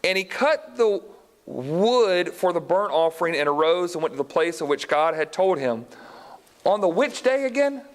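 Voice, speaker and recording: An animated male Bible teacher reads scripture and quizzes his listeners as he goes. His voice sits fairly high. A long reverb from the large hall trails after every line. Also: normal speed. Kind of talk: live Bible lesson.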